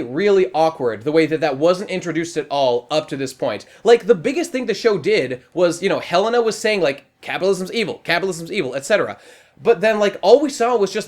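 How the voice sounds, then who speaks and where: A man giving a casual, opinionated review, in a wry rant full of swearing and filler words. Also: on the high side. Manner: profane, wry, animated rant with frequent filler "like". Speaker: online video reviewer.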